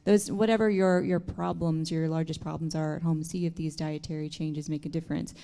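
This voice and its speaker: A woman's voice: deep voice, little pitch movement, a little fast, dark tone. A woman on a conference panel, giving earnest and practical advice to families.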